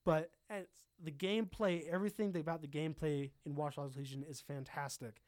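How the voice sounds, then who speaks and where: A man's voice: fairly high pitch, fairly even intonation, brisk, a little mellow, dry recording, studio quality. A man co-hosting a casual podcast about video games, rambling, swearing freely and laughing often. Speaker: podcast co-host.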